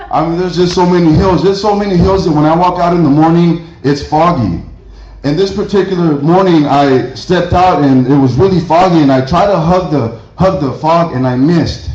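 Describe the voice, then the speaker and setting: A man's voice: a little high, moderate pace, a little mellow. A middle-aged man from Mexico doing a rambling stand-up comedy set, chuckling at his own jokes. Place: church hall. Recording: roomy, dull lo-fi hall recording.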